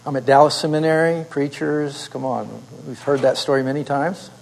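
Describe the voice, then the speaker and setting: A man's voice: a little high, fairly even intonation, normal speed, creaky, a little hiss or hum, low-quality recording. A man teaching a seminary class how to tell a story aloud, explaining and then telling it himself on a wired mic. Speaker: teacher of oral Bible storytelling. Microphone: wired microphone.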